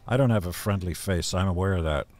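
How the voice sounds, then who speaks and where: A man in his seventies, a podcast guest, telling stories in a gruff, deadpan way and acting out other people's voices. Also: low voice, fast talker, slight background noise. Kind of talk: casual storytelling.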